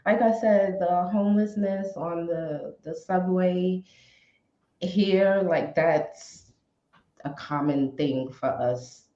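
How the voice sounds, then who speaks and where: A woman from New York speaks slowly with a mellow, warm tone as a podcast guest. She chats casually and laughs easily. The recording is roomy and a little dull. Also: on the low side. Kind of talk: casual chat.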